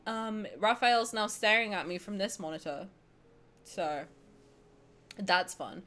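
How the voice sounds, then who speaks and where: A woman streaming a game, reacting and reading aloud in a playful, sarcastic way, swearing and bursting into shouts. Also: mid-range voice, slow, pauses often.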